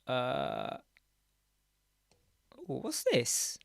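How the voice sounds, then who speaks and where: A man hosts a casual live stream, talking to viewers while muttering asides as he works. His voice has a gravelly edge at a middling pitch. The sound is dry and close, with no room echo. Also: huge pitch swings, very slow. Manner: chatty, muttering asides while working on screen. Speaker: live stream host, web designer. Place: dark home studio with soundproof panels.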